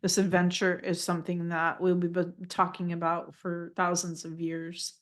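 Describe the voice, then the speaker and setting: A woman giving a live channeled spiritual reading, gentle and affirming, often repeating phrases as she passes messages on. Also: lowish voice, monotone, moderate pace.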